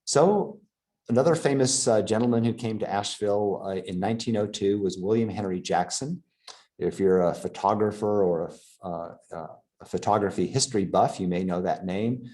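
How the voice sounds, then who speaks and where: Deep-voiced man giving a halting lecture. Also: warm tone. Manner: halting, many fillers and restarts. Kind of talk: slide lecture.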